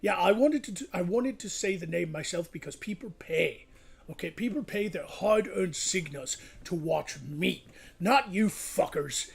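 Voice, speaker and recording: A man voicing a vain, foul-mouthed undead lord who hosts a comedy stream, with a raspy, gravelly voice and a boastful, swearing manner. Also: high-pitched, expressive, unhurried, exaggerated voice. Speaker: host.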